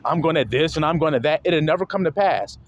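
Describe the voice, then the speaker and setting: A man's voice: a little high, animated, fast talker, lo-fi sound. A man preaching in a casual, blunt monologue, emphatic and profane, often mimicking other people's voices.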